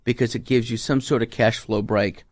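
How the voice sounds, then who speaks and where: A tax advisor appears as a guest on a radio talk show, chatting in a folksy storytelling way and acting out his clients' lines. His voice is medium-pitched with fairly even intonation and normal speed, recorded dry with clean studio sound.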